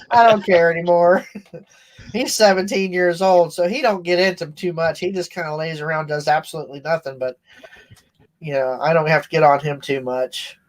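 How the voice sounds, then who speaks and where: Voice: mid-range voice, steady tone, normal speed. A co-host of a live show chatting casually, telling pet stories with frequent laughter. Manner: chatty and giggly, laughs through anecdotes. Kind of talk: casual chat.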